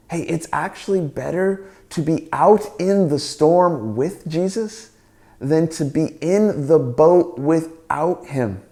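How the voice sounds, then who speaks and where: Male pastor, mellow low-lit tone, animated storyteller, plays the characters' lines himself. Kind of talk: sermon. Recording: roomy church sound.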